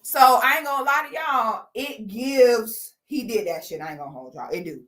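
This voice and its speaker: A woman hosting a casual livestream, telling a story with animated quoting and reading viewer comments aloud. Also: on the high side, normal speed. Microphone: camera or phone mic on a live stream.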